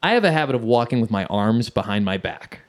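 A man's voice: lowish voice, quick pace. A man casually telling a long personal anecdote, acting out the voices of the people in it. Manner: lively storyteller who acts out quoted voices and laughs between lines. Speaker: guest storyteller.

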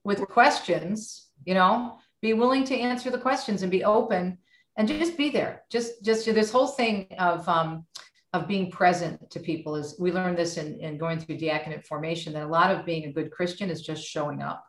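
A middle-aged woman, a radio host, chatting with warm encouragement in a casual podcast conversation. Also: on the low side, normal speed. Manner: warm, animated and encouraging, speaks of faith. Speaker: radio host and author guest. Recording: roomy echo.

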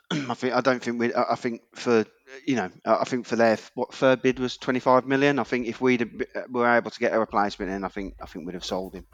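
A man giving his view on a football podcast, halting and restarting as he works out his point. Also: medium pitch, fairly even intonation, highs cut off. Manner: halting, repeats "I think" while working out his point. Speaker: podcast guest. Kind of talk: casual chat.

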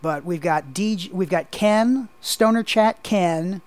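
A male podcast co-host talks into a headset in a small home studio. His voice sits a little high for a man. He rambles and hesitates, filling gaps with ums and uhs. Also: takes it slowly, dry recording. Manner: rambling, hesitant with many fillers. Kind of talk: casual podcast chat.

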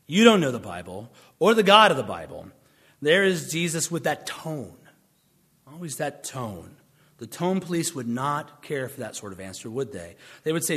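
A man's voice: mid-range voice, big pitch swings, normal speed, fairly bright tone, slightly rough. A man preaching a sermon in a conversational way, with dry, sardonic asides. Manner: conversational, sardonic asides, puts on mocking voices for questioners.

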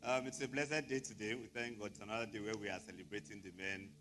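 A man's voice: on the low side, steady tone, quick pace, noisy background. A man with a Nigerian accent, a pastor addressing his church in a chatty, joking way. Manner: chatty, joking, mixes in Yoruba phrases. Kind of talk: sermon. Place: church hall.

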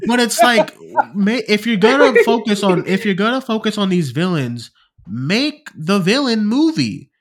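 Man, podcast co-host, casual movie chat, animated ranting, lively pitch. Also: moderate pace. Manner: animated ranting, mimics people.

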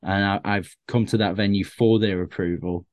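This is a man with a low-pitched voice and fairly even intonation, speaking at a moderate pace. A stand-up comedian on as a guest, he chats through self-deprecating stories and keeps restarting his sentences in casual conversation.

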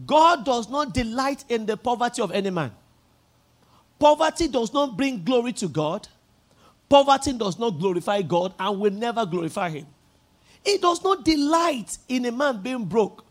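A Nigerian-accented pastor with a very high voice preaches an emphatic sermon at normal speed, his pitch swinging widely. He leads the congregation in repeating lines and builds up to shouts.

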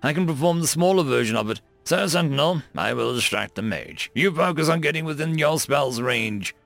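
A man's voice: a little high, animated, normal speed, vocal fry, a bit bright, no room sound, faint music behind, voice pushed up. A man doing a polite winged familiar. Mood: deferential. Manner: deferential, addresses others as sir. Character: dutiful winged male familiar, polite and cautious.

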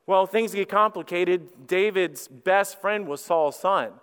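A lead pastor preaches a sermon in a high-pitched voice, telling the story with animation and acting out the characters. He speaks slowly with few pauses, and his clean tone rings through a long hall reverb.

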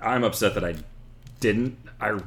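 A man's voice: lowish voice, a little slow, creaky, a bit bright. A man co-hosting a casual chat with dry, wry humor. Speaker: podcast co-host.

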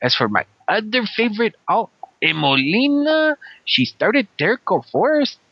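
A man's voice: high voice, very animated, measured pace, no room sound, muffled recording, exaggerated voice. A man with a heavy Mexican Spanish accent, joking through a recorded listener message with Spanish slang. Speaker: listener in audio submission.

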